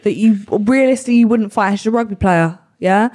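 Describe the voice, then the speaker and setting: A woman's voice: mid-range voice, fast talker, a little mellow. A woman hosting a podcast, chatting casually in a playful, teasing way and laughing often. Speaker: podcast host. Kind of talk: casual chat.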